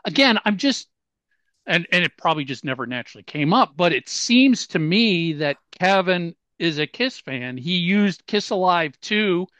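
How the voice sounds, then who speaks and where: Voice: medium pitch, lively intonation, normal speed, fairly bright tone, no echo. A podcast host asking casual questions, often restarting and repeating words. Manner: hesitant, repeats words when starting questions.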